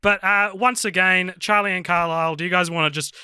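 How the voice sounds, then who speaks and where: A man's voice: sits high, fairly even intonation, bright, forceful tone, clear, resonant tone, no echo, clean studio sound. A man hosting a podcast, chatting casually and cracking jokes with his guests. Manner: joking, quick asides. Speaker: podcast host.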